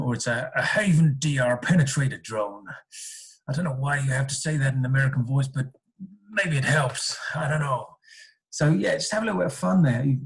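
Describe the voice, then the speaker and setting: A man with a mid-range, slightly mellow voice and some vocal fry teaches a writing lesson to primary school children. He thinks out loud, full of ums and self-corrections, and keeps tacking on tag questions like "isn't it?" The recording quality is low.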